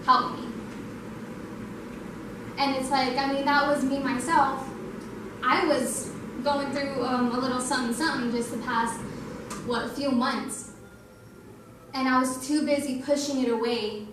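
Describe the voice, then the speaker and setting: A young woman gives a testimony sermon in a conversational way, acting out the dialogue she quotes. Her voice is high, and it sounds distant, picked up from across a very echoey hall. A faint hum of room noise sits under it. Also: steady tone, measured pace. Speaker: youth night speaker.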